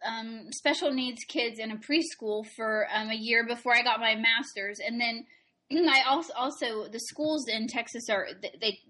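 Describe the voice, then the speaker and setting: A woman's voice: on the high side, normal speed, sharp tone. A woman hosting a casual interview, listening attentively and chiming in with agreement. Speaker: host.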